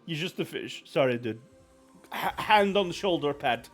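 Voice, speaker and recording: A man streaming live, talking loosely and a bit higher than most men. He rambles, apologizes often, and jokes at his own expense. Soft music plays faintly in the background. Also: expressive, normal speed. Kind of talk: casual live-stream chat.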